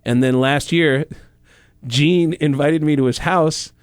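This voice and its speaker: A male comedian and impressionist telling anecdotes in animated, quick casual storytelling. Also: on the high side, no echo, clean studio sound.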